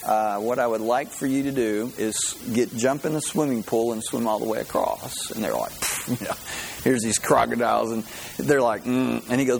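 A man's voice: mid-range voice, normal speed, vocal fry, a little mellow, a little hiss or hum, rough recording. A man preaching a sermon as pastor, in a folksy storytelling way with many fillers and restarts.

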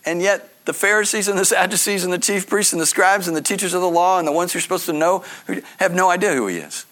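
A man's voice: high voice, quick pace, a bit bright. A man preaching a sermon, explaining scripture in an earnest teaching manner with conversational asides. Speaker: pastor.

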